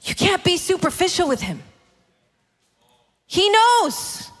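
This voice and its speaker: A woman preaching a sermon in an animated way, acting out other people's voices as she tells stories. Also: very high voice, slow, big-room sound. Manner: animated, acts out voices of her kids and God.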